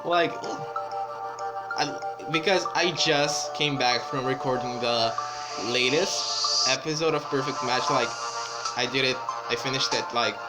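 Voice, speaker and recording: A man hosting a story game playthrough, excitable and stammering, his voice jumping high when startled. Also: a little slow. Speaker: gaming channel host. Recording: game music under voice.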